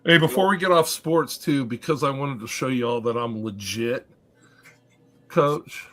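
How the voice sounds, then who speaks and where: A man's voice: medium pitch, unhurried, a bit bright, soft background music. Wry man chatting on a podcast. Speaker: panelist, football coach. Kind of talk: casual podcast chat.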